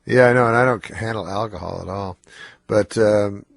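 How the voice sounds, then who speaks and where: A man guesting as a comedian on a radio show, talking in a low, nasal, slightly slurred and breathless way with a dry, halting delivery. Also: gravelly, no echo. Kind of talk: casual radio interview. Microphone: studio microphone.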